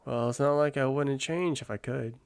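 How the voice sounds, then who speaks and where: A man voicing a gruff, insecure male ogre in a whispered role-play, low and gloomy. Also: normal speed, no room sound, natural voice. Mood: glum.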